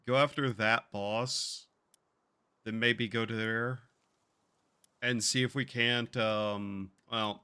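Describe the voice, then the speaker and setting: A male streamer talking slowly and loosely over his game, trailing off and sighing between thoughts. His voice has a bright, somewhat sharp edge at a middling pitch, and he swears offhandedly as he rambles. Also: smooth. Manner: drawling, meandering, sighs and yawns, swears casually. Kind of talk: casual gaming stream chat.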